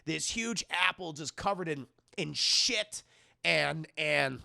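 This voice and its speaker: A man's voice: fairly high pitch, animated, takes it slowly, creaky, bright, forceful tone. A young man streaming a casual, profane movie recap while talking to his chat.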